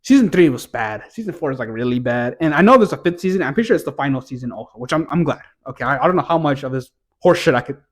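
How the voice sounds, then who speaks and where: A man's voice: mid-range voice, expressive, fast talker. A man giving a casual, profane, rambling rant while reviewing TV shows. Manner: profane, exasperated, rambling with restarts.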